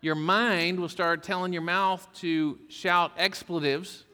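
A man's voice: high voice, steady tone, slow, sharp tone, smooth. Man preaching in a reverberant hall. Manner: folksy storytelling with humor. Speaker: pastor. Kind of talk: sermon.

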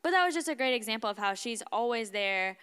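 A young woman in college telling a personal story in an animated, emphatic way, laughing often as a guest on a talk show. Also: on the high side, fast, clean tone, in a large hall. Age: young adult. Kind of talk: casual storytelling.

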